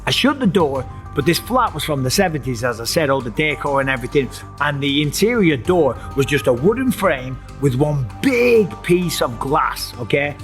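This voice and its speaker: Animated man telling a story. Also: fairly high pitch, moderate pace, faint music behind. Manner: animated, acts out his own screams and voices. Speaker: host. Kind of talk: dramatic personal storytelling.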